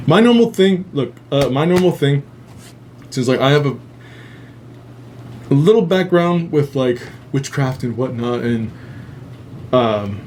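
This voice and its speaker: A man's voice: mid-range voice, lively intonation, unhurried, long pauses, darkish tone. A man hosting a casual live stream, rambling with heavy swearing and frequent laughter, with a faint hum behind him. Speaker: host.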